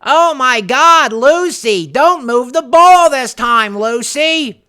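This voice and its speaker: A man voicing an anxious cartoon boy who whines and pleads slowly. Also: extremely high pitch, animated, sharp tone, smooth, voice pushed up, exaggerated voice. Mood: whining. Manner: slow, pleading and whiny.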